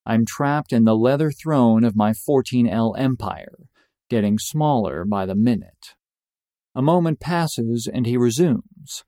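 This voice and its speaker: A young man tells a personal story with deadpan, mock-epic phrasing. His mid-pitched voice is mellow and warm. It sounds close and completely dry. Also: measured pace, no room sound.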